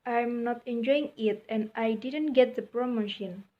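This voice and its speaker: An unhappy woman worker talks through her troubles in slow, scripted lines, as a woman reads her part. The voice carries an Indonesian accent and sits on the high side. The recording has a dull, lo-fi tone. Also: natural voice. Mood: glum. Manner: plainly read from a script.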